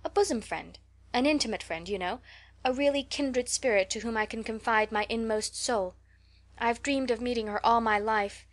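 A woman's voice: on the high side, normal speed, close to an everyday voice. A woman reading an audiobook, voicing a talkative, dreamy eleven-year-old orphan girl who gushes in a breathless, romantic way. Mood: eager.

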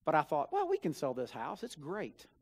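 A young man, a student minister, preaching a sermon built on a personal story, dropping to quiet asides and rising to loud emphatic bursts. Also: a little high, huge pitch swings, moderate pace, vocal fry. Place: church sanctuary.

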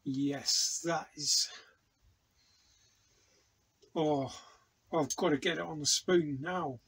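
A man's voice: on the high side, steady tone, very slow, fairly bright tone, husky, poor audio. An English man reviewing hot sauce in a casual, enthusiastic, rambling way, tasting aloud in a home studio. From England. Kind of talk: casual product review vlog.

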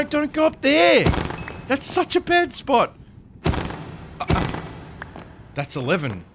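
Excitable man. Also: high-pitched, background noise. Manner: excitable, talks to himself, yelps and laughs. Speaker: Minecraft streamer. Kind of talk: live gameplay commentary.

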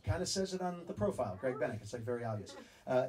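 A man's voice: medium pitch, lively intonation, fast talker, recorded from a distance, a crowd in the background, low-quality recording. A man telling a story to a live audience, acting out both sides of a back-and-forth conversation. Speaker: speaker telling a story on stage. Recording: stage talk from afar with audience.

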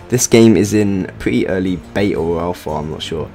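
Male gaming host, lowish voice, loose halting chatter, faint game music underneath. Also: mellow. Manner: chatty, halting, with fillers and restarts. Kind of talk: casual let's-play commentary.

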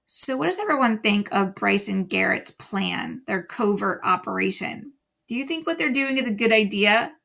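A woman's voice: medium pitch, expressive, moderate pace, vocal fry, bright, forceful tone. A woman reading a story aloud to a class, acting out the characters and stopping to ask the listeners questions. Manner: voices the characters and sings the song lines.

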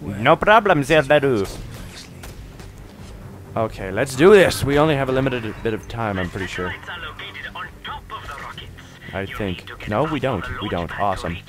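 A teenage boy in his mid-teens doing excitable, jokey let's-play commentary, yelping and shouting at the game. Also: on the low side, normal speed, long pauses, over music. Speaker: gaming YouTuber.

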